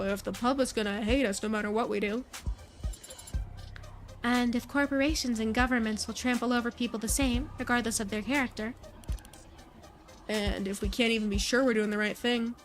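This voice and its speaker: Her voice a little high, a female streamer reads out a visual novel's lines, doing all the characters in an almost plain voice and adding short asides.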